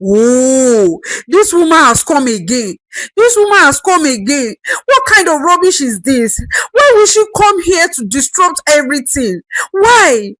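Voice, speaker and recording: A woman's voice: high voice, sing-song, a little slow, fairly bright tone, no room sound, exaggerated voice, rough recording. A woman voicing a scheming young wife muttering angrily. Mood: seething.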